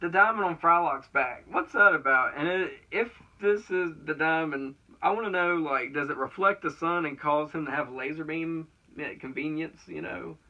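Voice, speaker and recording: Interviewer: twenties, Southern accent, eager and stammering, a bit high-pitched, dull lo-fi sound. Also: male voice, normal speed, hardly any pauses. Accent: Southern American. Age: 20s. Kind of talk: casual chat.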